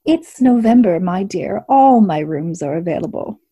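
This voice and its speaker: A woman's voice: on the low side, expressive, moderate pace, dark tone, breathy edge. A woman voicing an older woman innkeeper who speaks in a proper, precise way, in a storybook reading. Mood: gracious.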